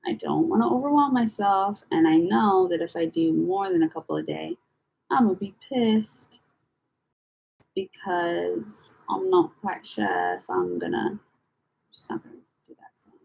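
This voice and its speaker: A young woman chatting casually to camera as she sorts through her files, rambling and swearing with slangy, animated talk. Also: lowish voice, gravelly, slight background noise, rough recording. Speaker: vlogger.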